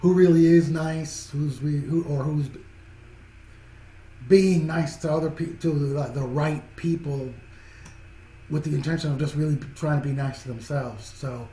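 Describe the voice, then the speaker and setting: A man's voice: fairly high pitch, steady tone, a little slow, pauses often, mellow. A man giving a casual spoken film review, rambling and restarting his phrases. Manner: rambling, repeats and restarts phrases, chuckles often. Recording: echoey room with faint background noise.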